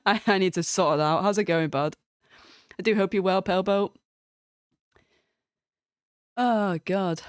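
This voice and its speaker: A woman's voice: medium pitch, unhurried, long pauses, no room sound, studio quality. A woman streaming a game live, chatting with viewers and laughing often.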